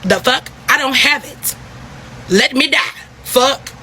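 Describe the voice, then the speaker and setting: A young woman telling a story in a casual vlog, talking in a profane, animated, repetitive way. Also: high-pitched, takes it slowly, a little hiss or hum, poor audio.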